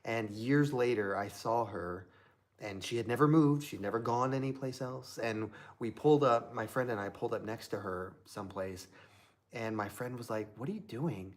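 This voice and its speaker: A man's voice: medium pitch, normal speed. A man from Southern Indiana hosting a live stream, chatting casually in a rambling way with lots of fillers.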